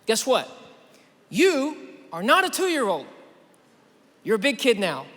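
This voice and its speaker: A young man preaching at a youth conference, telling a lively story and talking straight to the crowd. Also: very high-pitched, slow pace. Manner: energetic storytelling, addresses the crowd directly. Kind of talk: sermon. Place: large church auditorium. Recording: long hall reverb.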